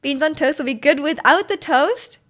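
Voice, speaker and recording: A woman's voice: sits high, animated, moderate pace, a bit bright. A young woman streamer chatting casually with her viewers, giggling and rambling as she answers their chat messages. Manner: giggly, rambling, trails off into mumbles.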